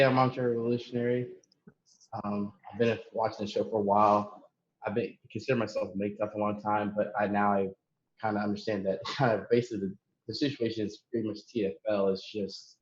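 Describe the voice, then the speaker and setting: A man's voice: fairly low pitch, darkish tone, slight background noise. A man in his late twenties, a guest on a stream, talking in a rambling, hesitant way. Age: late 20s. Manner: rambling, hesitant, many fillers. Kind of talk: casual call-in chat. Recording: dull roomy call-in audio.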